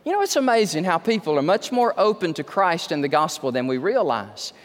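Man, pastor, sermon, high voice, emphatic, long reverb in a large church. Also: sing-song. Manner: emphatic, slows down to stress key words; acts out quoted conversations with raised pitch. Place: church sanctuary.

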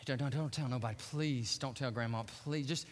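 A man's voice: medium pitch, a little fast, in a large hall, a little hiss or hum, voice pushed down, natural voice. A man voicing a guilty, frightened young boy who stammers and pleads. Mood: pleading. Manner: stammering, begging.

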